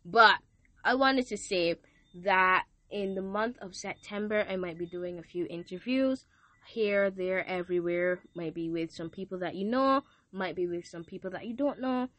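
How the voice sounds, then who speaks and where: A teenage girl hosts her own casual podcast, talking warmly and loosely to listeners, full of ums and little asides. Her voice sounds bright and a bit tense. It is recorded dry, with no room sound. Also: mid-range voice, no room sound. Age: teens. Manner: chatty, affectionate, rambling with fillers. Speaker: podcast host. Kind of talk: casual faith podcast thank-you message.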